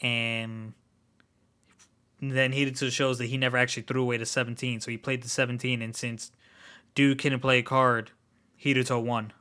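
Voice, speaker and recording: A man's voice: medium pitch, little pitch movement, moderate pace, long pauses, bright, forceful tone. A man co-hosting a podcast, loosely recapping a show in casual, filler-heavy chat. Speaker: podcast co-host.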